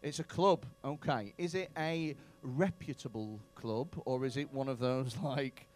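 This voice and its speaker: A man's voice: medium pitch, measured pace, a little mellow. A male stand-up comedian in a comedy club, doing profane, bantering crowd work with mock outrage.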